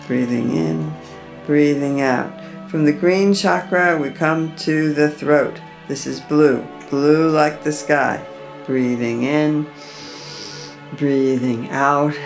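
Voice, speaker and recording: A woman leads a guided chakra meditation in a slow, soothing voice. Her tone has a gravelly edge of vocal fry. Faint music plays behind her. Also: low voice. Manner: slow, soothing instructions with chanted mantras. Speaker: meditation teacher.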